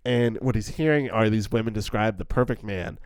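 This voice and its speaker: A man's voice: lowish voice, brisk, clear, resonant tone, no echo. A young man co-hosting a film podcast in a casual, chatty way, full of "like" fillers and acted-out lines. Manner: chatty, lots of "like" fillers, acts out character lines. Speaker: podcast co-host.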